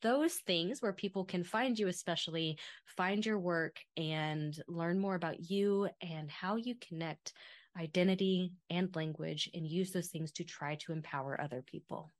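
Woman host from kentucky, really low voice, thoughtful. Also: measured pace. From Kentucky, United States. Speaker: podcast host. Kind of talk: casual interview.

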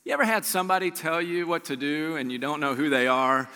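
Male pastor, sermon delivery, animated with big upward pitch jumps, acts out dialogue; bright tone, long hall reverb. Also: brisk, hardly any pauses, smooth. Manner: animated preacher, voice jumps high for emphasis.

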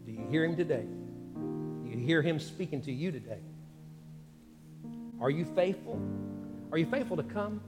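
A man preaching as pastor, his slightly raised voice carrying an earnest cadence full of pauses. The sound rings with a long church-hall reverb while a guitar plays clearly underneath. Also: on the high side, animated. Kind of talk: sermon with spoken prayer. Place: church sanctuary. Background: soft guitar music.

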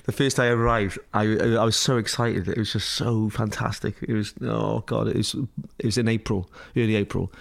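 Scottish man, middle-aged, low voice, rambling and laughing, interview guest. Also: steady tone, fairly quick, gravelly, few pauses. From Scotland. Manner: rambling, laughs often, many restarts and fillers. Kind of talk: casual storytelling.

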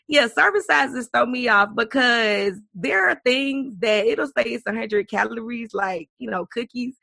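Husky, gravelly woman podcast co-host. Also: medium pitch, bright, forceful tone, no room sound, clean studio sound. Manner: laughs often, drawn-out playful storytelling. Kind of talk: casual chat.

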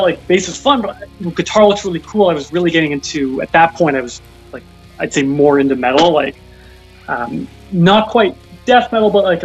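A young man rambles casually as a call-in guest, restarting his sentences and filling them with "like" and "um". His voice sits a little high and has a gravelly fry. The call sounds dull and lo-fi, with faint music underneath. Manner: rambling, full of fillers and restarts. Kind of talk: casual interview by phone. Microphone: phone call.

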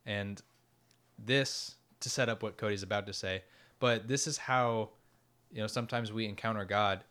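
A man's voice: on the low side, moderate pace, fairly bright tone, smooth. A man in casual conversation, retelling a story with fillers and reflecting on its meaning. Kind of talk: casual faith discussion.

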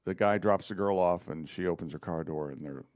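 A man's voice: low voice, fairly quick, darkish tone. A man in casual comedic chat, joking and rambling, often trailing off mid-sentence.

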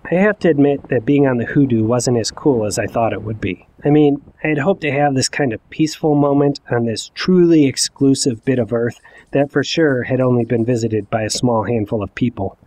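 A man in his forties telling a personal story in the first person, with wry, self-mocking, deadpan asides. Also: mid-range voice, a little fast. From Ohio. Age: 40s. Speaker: narrator.

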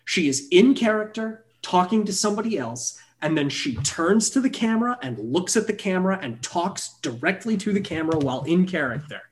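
A man co-hosting a casual film podcast, animated and swearing freely as he argues his point. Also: high-pitched, a little fast, few pauses. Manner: animated, swears freely, launches into mocking asides. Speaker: podcast co-host. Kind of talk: casual film review chat.

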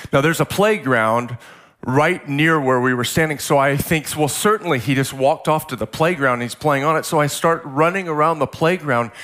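Preaching at a moderate pace in a slightly high voice, this middle-aged pastor from California pours strong emotion into a sermon story. Words get repeated, and he swings from shouting at the climaxes to near-whispers.

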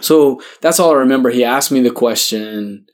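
A priest tells a personal story in relaxed, everyday speech. His voice sits at a middle pitch for a man, and he talks in an animated way, full of fillers and quick laughs. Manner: casual, animated, laughs often, heavy use of "like". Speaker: Catholic priest.

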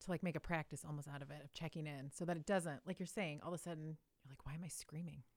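A woman's voice: sits low, fairly even intonation, very fast, darkish tone. A woman co-hosting a podcast in casual conversation, chatty and self-deprecating, with plenty of fillers. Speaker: podcast co-host.

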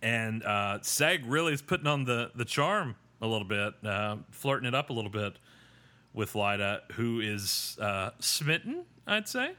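A man hosting a podcast and walking through an episode recap in a loose, rambling way. He pokes fun at himself as he goes. His voice has a bright, forward edge. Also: medium pitch, sing-song, measured pace. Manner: rambling, self-deprecating, with many fillers and restarts. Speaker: podcast host. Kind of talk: casual episode recap chat.

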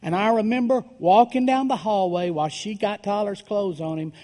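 A man preaching a story-driven sermon, dropping to a hush and then rising to loud, dramatic swells. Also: high voice, moderate pace. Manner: dramatic, swings from hushed to shouting.

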